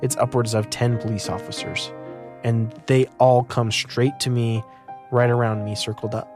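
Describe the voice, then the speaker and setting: A man's voice: medium pitch, level tone, moderate pace, darkish tone, soft background music. Young man telling a gripping personal story. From Utah, United States. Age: young adult. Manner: vivid, earnest storytelling. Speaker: interviewee.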